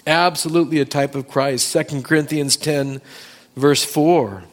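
A man preaching a sermon as pastor, emphatic and deliberate, acting out Bible scenes with dramatic pauses. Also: a little high, steady tone. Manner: emphatic, acts out Bible scenes in changing voices.

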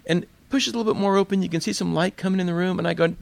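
A man preaching a sermon in a relaxed, conversational way, telling stories to make his point. His voice sits a little high for a man. The sound is dry and close, with little room echo. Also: very fast, creaky, few pauses. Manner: conversational, plainspoken storytelling. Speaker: pastor.

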